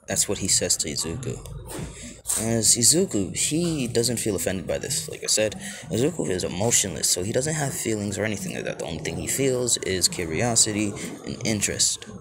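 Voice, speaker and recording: Man, low-voiced rambling storyteller; outdoor phone take with clear noise. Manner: rambling, heavy on filler words. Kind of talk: improvised fan-story narration. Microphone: phone held close to mouth.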